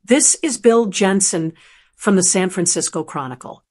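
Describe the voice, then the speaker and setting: A pushy newspaper reporter fires off quick, sharp questions, voiced by a woman reading the story. His voice is clipped and insistent. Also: medium pitch, lightly acted. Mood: pressing.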